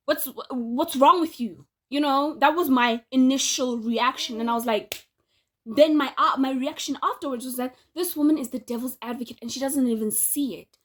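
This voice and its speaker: Speaking at a moderate pace in a slightly high voice, a chatty, opinionated woman addresses her viewers directly in a casual to-camera monologue. She's a vlogger and podcaster, and she laughs often.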